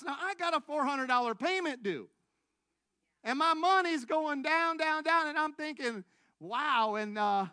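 High, bright-voiced preacher man, self-mocking. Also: unhurried, dry recording. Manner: animated, self-mocking, laughing through the story; big swings between loud excited bursts and quiet low asides. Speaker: preacher giving a testimony. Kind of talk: storytelling sermon to a congregation.

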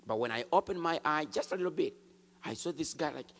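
Animated preacher man telling a testimony. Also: fairly high pitch, fast talker, gravelly. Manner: animated storytelling, jumps from hushed to shouted. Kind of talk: sermon testimony. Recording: long hall reverb.

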